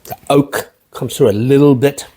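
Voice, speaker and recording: A man's voice: mid-range voice, fairly even intonation, normal speed, mellow. A man hosting a casual spirits tasting review, chatty and rambling, with jokey asides. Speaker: host of a spirits review channel.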